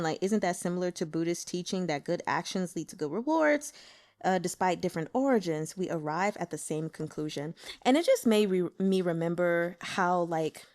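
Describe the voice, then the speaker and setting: A woman hosting a casual book discussion who breaks off to teach how to say Mandarin names, talking with lively enthusiasm. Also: lowish voice. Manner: excitable, teaches Mandarin name pronunciation. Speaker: book club host.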